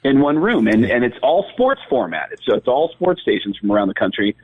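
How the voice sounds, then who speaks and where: A man's voice: mid-range voice, a little fast, husky, phone-quality sound. A man, a stand-up comedian, telling stories with impressions and laughing along. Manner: animated, laughing storyteller. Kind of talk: storytelling with impressions.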